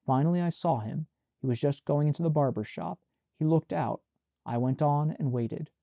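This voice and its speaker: A man reading a literary novel aloud as an audiobook narrator, in a measured, somber way. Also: a little high, creaky, mellow, no echo, clean studio sound.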